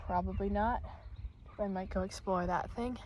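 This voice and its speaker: A woman's voice: medium pitch, fairly even intonation, moderate pace, a little mellow. A young woman chatting casually on a book vlog, a little out of breath, rambling and joking at herself while outdoors in grassy countryside. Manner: rambling, chatty, self-deprecating. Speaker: book vlogger. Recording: outdoor phone recording with noise.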